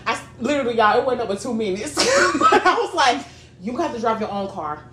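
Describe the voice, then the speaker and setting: A woman co-hosting a podcast in casual chat, telling animated, profane stories and laughing often. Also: a little high, a little fast, roomy sound, heavy background noise. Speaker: podcast co-host.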